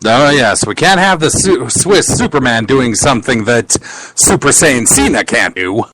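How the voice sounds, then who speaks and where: A man's voice: medium pitch, lively intonation, unhurried, fairly bright tone, no room sound, low-quality recording. Sarcastic man on a podcast, dry sound. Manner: sarcastic quips. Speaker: podcast co-host. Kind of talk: casual podcast chat.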